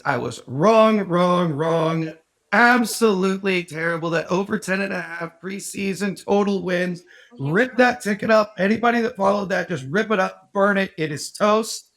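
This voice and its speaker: Male co-host, high-pitched, quick self-deprecating rant. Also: animated, a bit bright. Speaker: podcast co-host. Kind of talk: casual sports podcast rant.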